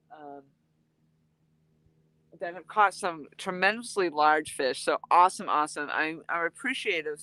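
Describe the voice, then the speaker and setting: Bright, crisp-voiced woman chatting on a live stream. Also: deep voice, dry recording. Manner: chatty, greets and thanks viewers. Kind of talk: casual live-stream chat. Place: outdoors, fishing in freezing cold.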